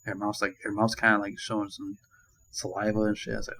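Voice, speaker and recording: A man's voice: fairly low pitch, flat delivery, quick pace, gravelly, sharp tone, slight background noise, low-quality recording. A man giving a casual movie review, rambling and ranting with constant swearing and crude jokes. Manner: crude, profanity-laden rambling; annoyed ranting.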